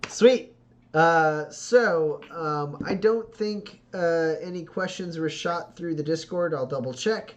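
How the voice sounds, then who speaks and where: Relaxed, unhurried game master narrating. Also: mid-range voice. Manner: relaxed, filler-laden narration.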